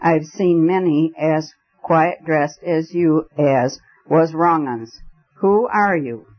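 A man's voice: fairly high pitch, slow. Man doing a stern constable. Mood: suspicious. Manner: stern, blunt. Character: gruff London police constable, stern and suspicious. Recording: dull lo-fi recording.

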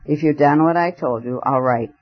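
A man's voice: a little high, moderate pace, highs cut off, close to an everyday voice. A man voicing a gloomy male army lieutenant who speaks in a cutting, clipped, abrupt way. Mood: curt.

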